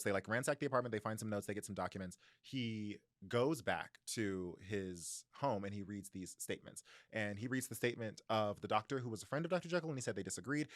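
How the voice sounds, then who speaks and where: A young American man co-hosting a book podcast, animated and laughing often as he retells the plot. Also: mid-range voice, no echo, studio quality. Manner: animated, laughs often, acts out characters loosely in his own voice. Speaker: podcast co-host. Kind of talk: casual book discussion.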